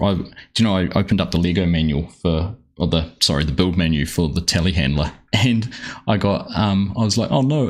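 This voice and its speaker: A man's voice: sits low, breathy edge. An Australian man chatting casually on a live game stream, rambling as he sets up and greeting viewers one by one.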